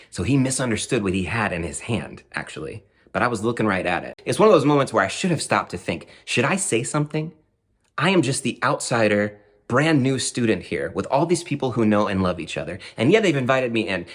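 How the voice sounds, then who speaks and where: A man telling a personal story in a lively, conversational way with frequent asides. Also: on the low side.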